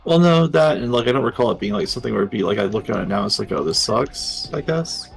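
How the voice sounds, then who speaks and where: A man's voice: mid-range voice, expressive, creaky, faint music behind. A man chatting casually in a gaming commentary, rambling and restarting his sentences. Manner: rambling, halting, many restarts.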